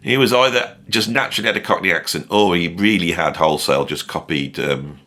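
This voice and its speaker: A man's voice: low-pitched, a little fast, pushed and bright. A middle-aged man gives casual, opinionated commentary in a rambling way full of asides. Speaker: music commentator. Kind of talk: casual ranked-list commentary.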